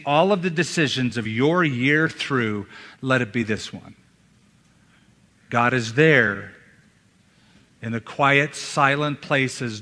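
A male pastor preaching a sermon in a church, emphatic, with dramatic pauses and hushed drops. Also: fairly high pitch. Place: church sanctuary. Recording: long hall reverb.

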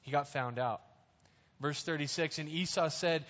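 A man preaching a sermon, explaining scripture in plain, conversational words and speaking slowly and deliberately. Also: on the high side, fairly bright tone. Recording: reverberant hall, dull lo-fi sound.

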